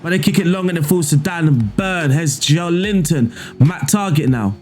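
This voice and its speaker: A man commentating his own football management game and breaking down the tactics, excitable and quick to shout at missed chances. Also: on the high side, faint music behind. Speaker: video game streamer.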